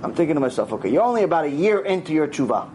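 High-voiced rabbi, animated storyteller. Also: male voice, racing, slight background noise. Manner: animated storytelling, acts out dialogue, sprinkles Hebrew words. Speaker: rabbi teaching a Torah class. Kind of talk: lively Torah lecture.

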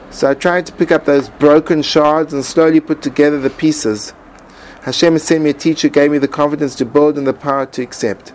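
A man and Torah teacher reading his own personal essay aloud in an earnest, emotive way with dramatic pauses. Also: on the high side, fairly even intonation, a little mellow, slight background noise, rough recording.

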